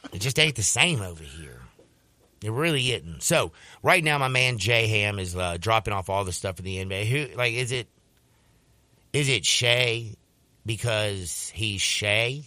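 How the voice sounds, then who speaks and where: A man hosting a sports radio show, telling a story in a casual, animated way and slipping into voices when he quotes people. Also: lowish voice, unhurried, no room sound.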